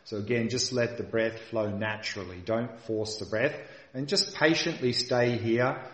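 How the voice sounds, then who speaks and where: A man teaching a meditation practice, guiding patiently and calmly and repeating key points for emphasis. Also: lowish voice, normal speed, reverberant. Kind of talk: guided meditation instruction.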